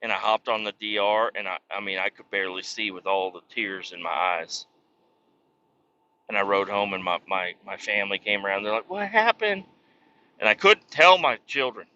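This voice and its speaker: A man's voice: fairly low pitch, moderate pace, pushed and bright, highs cut off, a little hiss or hum. A man hosting a podcast, telling a rambling, profane, self-mocking comic story. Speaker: podcast host. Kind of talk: comedic storytelling monologue.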